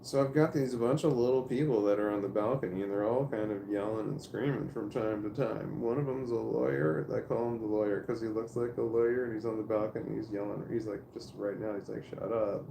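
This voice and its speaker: A man talking casually to camera in a rambling, halting way, with restarts and swearing. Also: lowish voice, creaky, background noise. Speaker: vlogger. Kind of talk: casual spoken monologue to camera. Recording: roomy echo.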